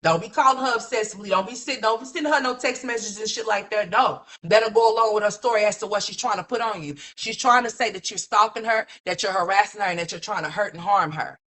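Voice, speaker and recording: A woman's voice: medium pitch, fast, few pauses, fairly bright tone. A woman hosting a livestream, ranting in a blunt, mocking, profane gossip commentary full of rhetorical questions.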